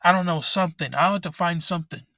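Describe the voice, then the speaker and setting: A young man rants angrily in a vent vlog, swearing often and sounding frustrated, recording from his parked car on a laptop mic. His voice sits high and comes out fast, pushed and bright. The sound is clean and studio-like, with no echo.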